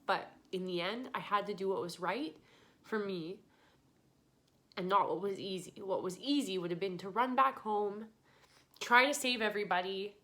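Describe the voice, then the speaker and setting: A woman's voice: mid-range voice, moderate pace, a bit bright. A woman hosting a podcast, tearful and earnest, giving a pleading motivational monologue. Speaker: podcast host.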